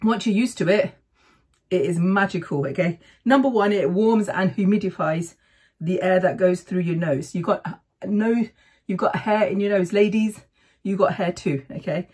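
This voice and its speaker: A middle-aged woman speaks in a relaxed, chatty way, sharing practical tips and often pausing for a quick "okay?". Her voice sits at an ordinary pitch and has a breathy, slightly husky edge. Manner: chatty, keeps adding "okay?". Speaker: vlogger sharing health tips. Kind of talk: casual advice talk to camera.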